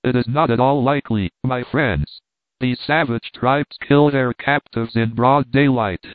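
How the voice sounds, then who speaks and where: A man voicing a calm, authoritative doctor who leads an expedition and reasons deliberately. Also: medium pitch, dry recording, natural voice. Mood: measured. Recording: tinny phone-like dry sound.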